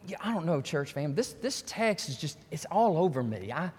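Man, pastor, fervent, repeats words, builds to shouts, sermon in a church hall, reverberant. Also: on the high side, very animated, normal speed, slightly rough. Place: church sanctuary.

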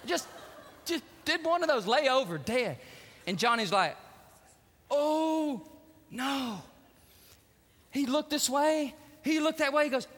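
A male pastor preaching a sermon, an animated storyteller who grows hushed in solemn moments. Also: very high voice, moderate pace, big-room sound.

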